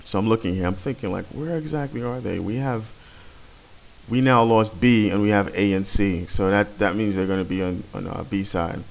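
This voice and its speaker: Gravelly and lowish, his voice moves at a normal speed as he comments on his gameplay. The talk is loose and full of profanity, wandering along with frequent restarts.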